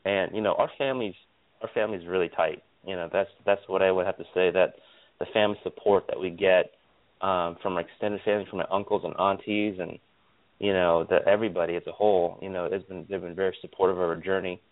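Low-voiced man telling stories by phone. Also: fast. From Stockton, California. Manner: animated, repeats words, many fillers. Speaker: guest, optometrist. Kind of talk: casual interview storytelling. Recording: tinny phone line.

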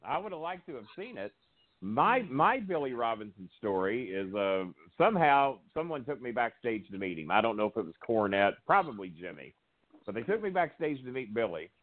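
A man's voice: medium pitch, very animated, a little fast. A male radio host in casual talk, joking and laughing often as he tells stories over a phone line. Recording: tinny phone line with faint noise.

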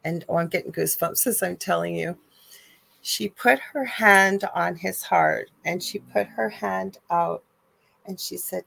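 A woman's voice: on the low side, lively intonation, measured pace, creaky, a bit bright. A woman co-hosting a live talk show, telling a story with strong emotion and animation. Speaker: co-host. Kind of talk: live call-in chat.

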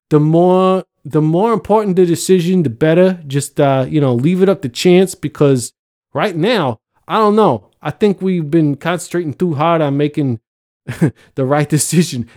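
Male podcast host, slightly high voice, loose and rambling, joking with profanity and filler words. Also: moderate pace, a little mellow. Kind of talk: casual chat. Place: home, living abroad. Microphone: computer microphone.

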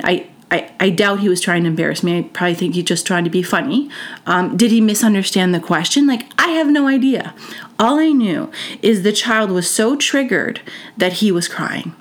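Woman, podcast host, chatty storytelling, mid-pitched, lots of fillers. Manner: chatty, full of "like" and "you know", acts out quoted voices. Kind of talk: storytelling monologue.

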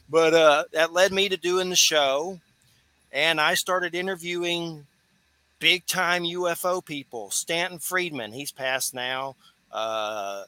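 A man, a bright, forceful voice pitched a little high for a man. He hosts radio in a loose, rambling way, laughing easily between asides. The sound is close and dry, with no room around it. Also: moderate pace, no echo. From Georgia, US. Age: 40s. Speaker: radio show host. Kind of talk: casual radio talk.

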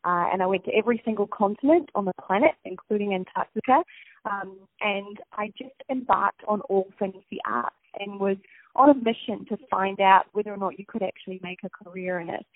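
A woman's voice: medium pitch, a little fast, no room sound. A bubbly woman with a New Zealand accent tells her story over the phone. The line is tinny and narrow, with a completely dry sound and no room around her. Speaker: guest, TV host. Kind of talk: phone interview. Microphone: telephone.

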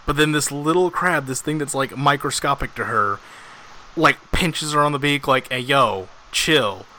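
Man, bright voice, podcast co-host, casual chat, enthusiastic, faint background noise. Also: on the high side, moderate pace. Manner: enthusiastic, chatty, many fillers.

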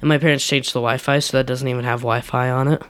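A teenage guy hosts a casual podcast from his home basement, speaking fast in a medium-pitched, flat, slightly bright voice with no room sound. He's hesitant, full of fillers and restarts, and laughs often.

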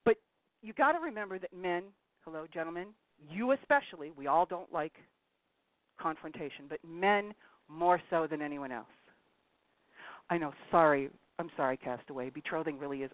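A woman's voice: low-pitched, dry recording. Blunt, scolding woman on a tinny line. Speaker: talk show host. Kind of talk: casual advice talk. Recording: tinny phone-like dry sound.

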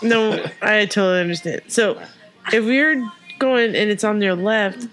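A woman in casual podcast chat, excitable and swearing casually. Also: medium pitch, unhurried.

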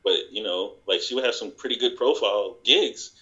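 As a guest on a podcast, he chats casually about his job, doing higher-pitched impressions of the people he quotes. His delivery is pushed and bright at a moderate pace, over dull-sounding audio.

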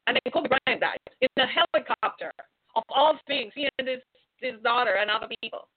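A middle-aged woman hosting a radio sermon. She preaches fervently and swings from loud to hushed. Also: on the high side, brisk, breathy edge, dry recording. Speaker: host and preacher. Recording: tinny phone-line sound.

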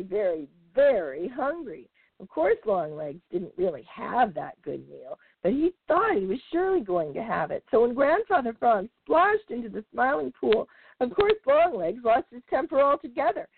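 A woman hosting a podcast, reading a children's animal story aloud in a lively, expressive way. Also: mid-range voice, normal speed, vocal fry, breathy edge, no echo. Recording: dry, tinny phone-like sound.

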